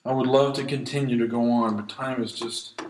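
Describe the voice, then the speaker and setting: A man's voice: medium pitch, steady tone, normal speed, darkish tone, reverberant, a little hiss or hum, low-quality recording. A man preaching a sermon, reading scripture aloud and pleading earnestly with his listeners. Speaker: pastor.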